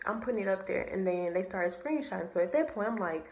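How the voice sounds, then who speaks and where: Young woman vlogger, casual storytime, animated and slangy, mid-range voice, roomy echo. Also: medium pitch, fast. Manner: animated, slangy, swears freely. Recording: echoey room.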